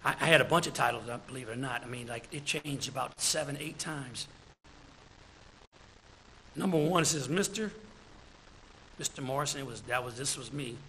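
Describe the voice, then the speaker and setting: A deacon preaching a sermon in a church, lively, chuckling between his points and calling out praise. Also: mid-range voice, normal speed, long pauses, a little hiss or hum, poor audio.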